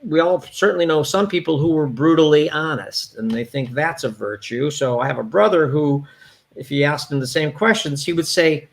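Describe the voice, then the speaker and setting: A man's voice: fairly high pitch, normal speed, vocal fry. A man, a yoga therapist, chatting candidly as an interview guest with many restarts. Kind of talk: casual conversational interview.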